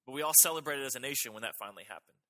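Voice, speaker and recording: Bright-voiced preaching man. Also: mid-range voice, rapid-fire. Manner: emphatic, repetitive preaching with rising intensity on key phrases. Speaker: pastor. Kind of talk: sermon.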